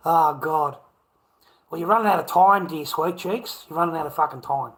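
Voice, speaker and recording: A man's voice: fairly high pitch, moderate pace, low-quality recording. An Australian man hosting a livestream, talking in a brash, profane and confrontational way as he reacts to chat comments at home. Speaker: livestream host.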